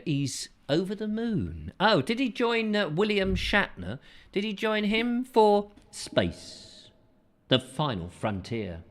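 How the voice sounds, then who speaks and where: A man hosting a casual chat show, reading out viewer comments with playful, silly asides and sudden falsetto bursts. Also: sing-song, slow.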